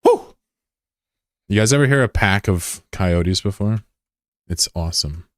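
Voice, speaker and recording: A man with a low voice chats casually with viewers while streaming a game, rambling and curious, with many fillers and swear words. His intonation is lively and his pace moderate, in a dry, clean studio recording.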